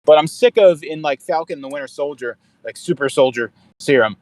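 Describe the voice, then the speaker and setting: A man's voice: a little high, fairly quick, a little mellow, no room sound, rough recording. A young man co-hosting a casual podcast chat, rambling, swearing freely and quoting movie lines. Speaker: podcast co-host. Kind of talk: casual chat reviewing a film trailer.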